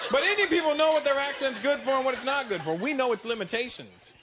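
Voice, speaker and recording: Brash Canadian stand-up comic. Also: male voice, very high voice, quick pace. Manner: brash, animated, mock-confidential. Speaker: stand-up comedian. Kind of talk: stand-up comedy routine. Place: stage before a live audience. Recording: loud noisy live stage recording.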